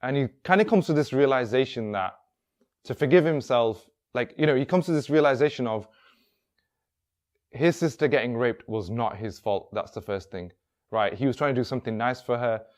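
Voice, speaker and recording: A man's voice: mid-range voice, normal speed, darkish tone. A man telling a story in a loose, conversational way, with many restarts and "he's like" asides. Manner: rambling, full of "he's like" and restarts. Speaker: workshop speaker. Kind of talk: casual spoken storytelling.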